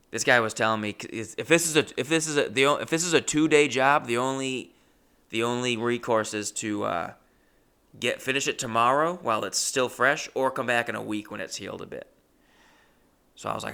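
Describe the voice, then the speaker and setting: Brief: young man, comic storyteller, self-mocking, frantic bursts, bright and gravelly. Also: medium pitch, fairly quick. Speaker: comedian.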